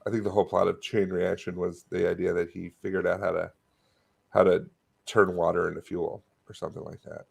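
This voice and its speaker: A man co-hosting a comedy podcast, answering in a deadpan way with short, curt replies. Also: low-pitched, a little fast, creaky, husky. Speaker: podcast co-host. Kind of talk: casual comedic chat.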